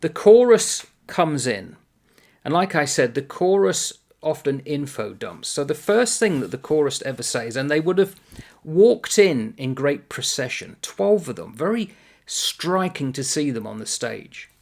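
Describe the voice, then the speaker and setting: A man's voice: fairly high pitch, big pitch swings, a little slow, creaky, darkish tone. Man musing over a classic play. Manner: thoughtful, meandering, self-correcting. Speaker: book reviewer. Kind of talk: casual literary explainer.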